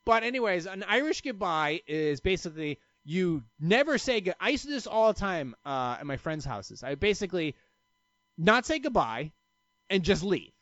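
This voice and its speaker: A man talks on his own podcast in a loose, rambling way, swearing freely and cutting himself off mid-thought. His voice sits a little high for a man and swings widely up and down. The sound is dry and a bit dull, like a home lo-fi setup. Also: big pitch swings, moderate pace, fairly bright tone, no echo. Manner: rambling, profane, self-interrupting storyteller. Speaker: podcast host. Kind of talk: casual solo podcast chat.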